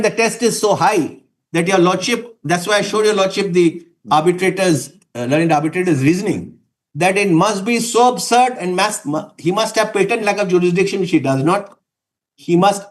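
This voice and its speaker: A man making formal submissions to a court, insistent, restating legal tests in short repeated clauses. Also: sits high. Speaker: advocate arguing before a court.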